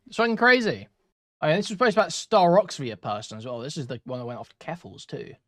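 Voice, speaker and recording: A man reacting to online posts in a loud, animated commentary style, swearing freely as he goes. His voice sits a little high for a man. He is recorded on a studio mic in a room with sound deadening. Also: quick pace. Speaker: commentary host.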